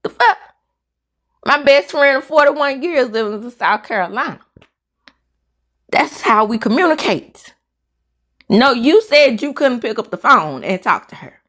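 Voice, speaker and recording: A woman's voice: a little high, fairly bright tone. A middle-aged woman hosting a casual celebrity gossip commentary, sassy and emphatic, full of slang asides. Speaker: host of a celebrity gossip show.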